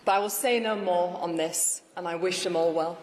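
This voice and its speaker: A woman's voice: fairly low pitch, moderate pace, darkish tone, slight background noise. A woman, a newly elected mayor, delivering an emphatic, rousing victory speech to an audience in a large hall. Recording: echoey hall with faint ambience.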